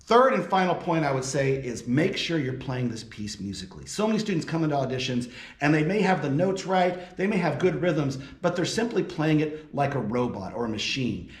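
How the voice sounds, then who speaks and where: A percussion professor gives a lesson, sharing audition tips and counting rhythms aloud as he demonstrates. His voice sits on the high side, animated and a little fast, in a roomy recording with loud marimba.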